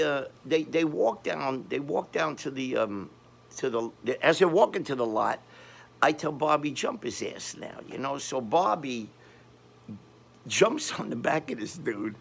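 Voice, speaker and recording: Older Brooklyn guy with a gravelly edge, spinning a tough-neighborhood yarn, loose and rambling. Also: mid-range voice. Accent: Brooklyn New York. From Brooklyn, New York. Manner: rambling, animated street-tough storytelling with frequent restarts. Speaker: storyteller. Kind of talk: casual storytelling.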